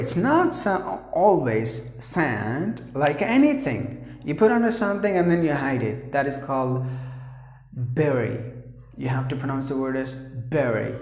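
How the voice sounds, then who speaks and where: A man's voice: medium pitch, darkish tone. A man teaching English pronunciation, repeating each word and often correcting himself. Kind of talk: pronunciation lesson. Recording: echoey room.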